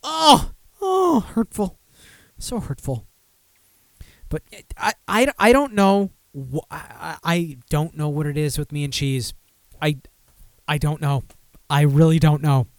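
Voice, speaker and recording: Male podcast host, a bit high-pitched, dry close-mic sound, animated and ranty. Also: a little slow, no room sound. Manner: animated, mock-outraged outbursts and rambling self-talk. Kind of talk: casual live show chat.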